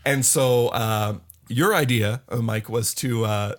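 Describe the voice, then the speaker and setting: A man's voice: mid-range voice, takes it slowly. A man chatting as a podcast guest, telling stories with energy and slipping into comic voices. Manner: animated storyteller, slips into comic voices. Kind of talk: casual chat.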